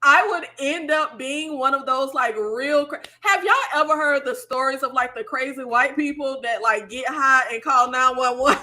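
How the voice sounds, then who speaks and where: A woman hosting a casual chat with her viewers, telling stories in an animated way, laughing and swearing freely. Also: sits high, moderate pace. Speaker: YouTube host.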